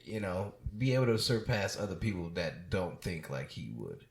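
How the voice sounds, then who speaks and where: A man hosting a podcast and working as a comedian, talking casually with joking, animated asides. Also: sits low, moderate pace, gravelly, husky. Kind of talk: casual conversation. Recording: crowd chatter in background.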